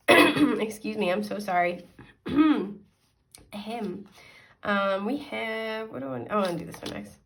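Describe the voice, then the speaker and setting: A woman's voice: medium pitch, animated, slow, long pauses, a bit bright. Chatty giggly woman reading tarot. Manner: chatty and giggly, with frequent fillers. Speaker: tarot reader. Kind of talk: casual tarot reading to camera.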